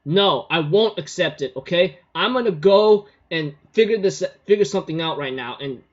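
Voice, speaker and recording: Guy voicing a stubborn young scientist dude, rushed and defiant, kinda high voice, muffled audio. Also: lively intonation. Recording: dull lo-fi recording.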